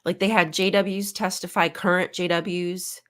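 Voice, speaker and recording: Low-voiced woman, chatty podcast co-host. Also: flat delivery, unhurried, fairly bright tone. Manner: chatty, frequent "like" and "um" fillers. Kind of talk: casual podcast chat.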